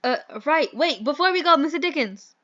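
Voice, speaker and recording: A woman's voice: sits high, moderate pace, highs cut off. A woman voicing a laid-back, cheeky talking phone. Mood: deadpan. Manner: casual, deadpan, cheeky.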